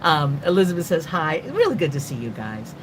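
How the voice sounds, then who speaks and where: Speaking in a low, sing-song voice, an older woman from North Carolina, USA, chats through her rambling artist live stream and welcomes viewers by name. Coffee has made her talkative and quick. A bit of hiss or hum runs under the rough recording.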